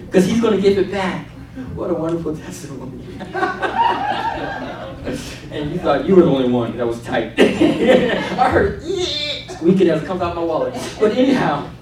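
High-pitched guy preaching to the congregation, storytelling, big echoey room, sounds far from the mic. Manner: call-and-response preaching with humorous storytelling. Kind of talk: sermon.

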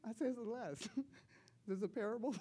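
A woman's voice: a little high, normal speed, warm tone, a little hiss or hum. A woman speaking at church, giving an emphatic personal testimony sermon in a casual, slangy way and laughing often between her lines. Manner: casual, slangy preaching talk.

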